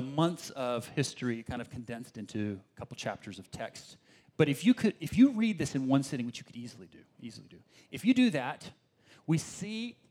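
A man preaching a sermon in an animated way, often restarting his sentences as he talks it through. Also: medium pitch. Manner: animated, acts out complaining voices, frequent restarts. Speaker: pastor.

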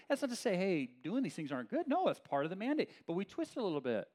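A middle-aged male pastor preaching to a room of his congregation, his fairly high voice rising and falling with lively swings. He talks conversationally, full of fillers and quick restarts, and pushes hard on key words. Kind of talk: sermon. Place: church meeting room with a live audience.

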